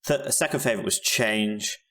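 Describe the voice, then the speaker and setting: A young man with a lowish voice chatting casually about albums. He hesitates and restarts often, filling gaps with ums. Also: normal speed, bright, forceful tone. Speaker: podcast co-host reviewing albums. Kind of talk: casual chat.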